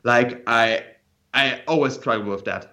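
A German man, a wedding photographer, talking in a halting and apologetic way in a casual podcast chat. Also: mid-range voice, sharp tone. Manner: halting, apologetic, laughs often. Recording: slightly dull lo-fi audio.

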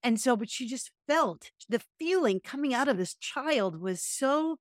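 A woman's voice: high voice, animated, measured pace, no room sound, studio quality. A woman co-hosting a podcast, chatting casually and telling stories expressively. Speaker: podcast co-host, yoga and meditation teacher.

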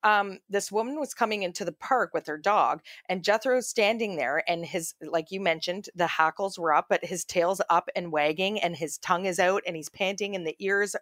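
A woman's voice: lowish voice, normal speed, hardly any pauses, a bit bright, dry recording, clean studio sound. A woman co-hosting a podcast, telling stories in a loose, chatty way with many fillers and restarts. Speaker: podcast co-host. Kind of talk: casual chat.

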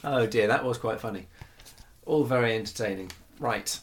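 A man co-hosting a casual podcast chat show reads listener comments with teasing wryness and laughs often. His voice is on the low side, at a moderate pace.

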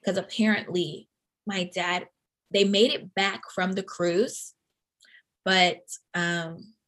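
A woman in her thirties from the Atlanta area, telling a personal story as an interview guest in an earnest, reflective, halting way. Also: on the low side, fairly even intonation, fairly bright tone. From Atlanta, USA.

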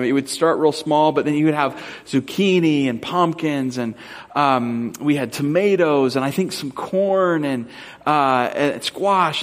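A man from Southern California preaching a sermon as pastor, telling stories casually with lots of "like" and "um" before slowing into earnest questions. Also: a little high.

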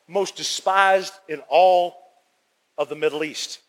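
A man preaching a sermon as pastor, emphatic and repetitive, swinging between loud and hushed delivery. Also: high voice, steady tone, unhurried. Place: church. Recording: long church reverb.

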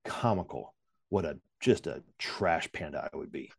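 A man with a very low, deep voice speaks in a loose, rambling way, full of fillers and restarts. He jokes about himself as he talks through his story. The sound is dry and close, with no room around it. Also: lively intonation, moderate pace, creaky, husky, dry recording. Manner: self-deprecating humor. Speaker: podcast guest. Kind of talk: casual conversational interview.

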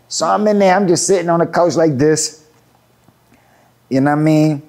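A man with a fairly high voice spins a street story as an interview guest. He slips into the voices of the people in it and swears casually as he goes. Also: steady tone, normal speed, pauses often, a little mellow. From Philadelphia. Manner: acts out quoted voices, laughing and cursing as he tells it. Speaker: rapper guest. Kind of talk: animated storytelling.

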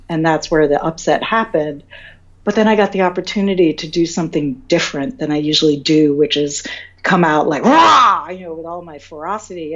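Woman talking openly about a relationship moment, lowish voice, kinda dull lo-fi sound. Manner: open, reflective, frequent restarts. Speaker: podcast guest. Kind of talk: candid personal storytelling.

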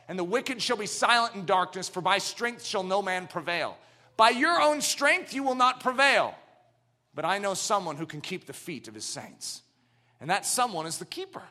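A middle-aged man preaching a sermon, swinging from loud declarations down to hushed, low passages.

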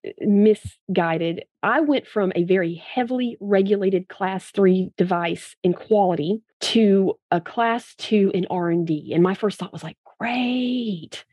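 A woman guest in a casual interview, telling stories in a candid and animated way. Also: medium pitch, unhurried, hardly any pauses, no room sound. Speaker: guest, medical device consultant.

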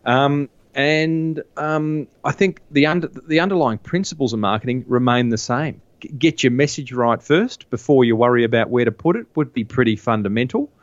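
A man's voice: mid-range voice, moderate pace, no room sound. A man talking casually as a podcast guest, restarting sentences as he goes. His voice comes through a dull, lo-fi recording with no room sound at all. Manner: chatty, frequent restarts. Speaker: podcast guest, marketing author. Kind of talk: casual interview chat.

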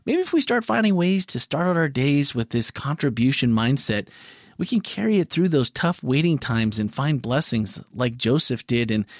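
A man's voice: mid-range voice, no echo. A man hosts a church podcast in easy, casual chat. His voice jumps up and down as he talks, and he often cracks a joke. The sound is dry and close to the mic. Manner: animated, jokey, laughs at his own jokes.

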